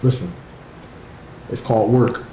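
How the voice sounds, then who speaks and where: A man's voice: lowish voice, a little slow, mellow, echoey room, slight background noise, rough recording. A man telling a business story in a casual podcast chat, swearing freely and often saying "mind you.". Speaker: guest entrepreneur.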